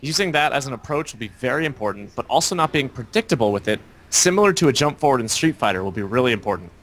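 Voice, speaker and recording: A man's voice: mid-range voice, lively intonation, quick pace, a bit bright, slight background noise. A man co-hosting a casual gaming podcast, explaining fighting game tactics in detail. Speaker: podcast co-host.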